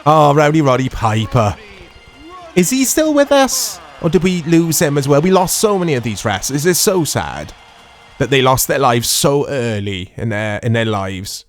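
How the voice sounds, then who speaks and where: A middle-aged man chatting casually and excitably as he comments on a retro video game he is playing, rambling and laughing often. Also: mid-range voice, moderate pace. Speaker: retro gaming YouTuber.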